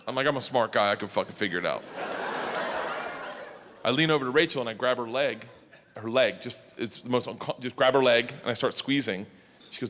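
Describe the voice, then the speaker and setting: A middle-aged man doing stand-up storytelling on stage, loud and animated, shouting his punchlines over the laughter. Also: mid-range voice, fairly quick. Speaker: stand-up comedian. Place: live comedy stage before an audience. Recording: live stage recording with audience noise.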